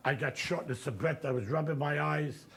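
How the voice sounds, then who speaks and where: A gravelly New man with a fairly high voice delivers brash, profane stand-up stories. His telling is animated and blunt. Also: moderate pace. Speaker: comedian storyteller. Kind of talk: stand-up storytelling.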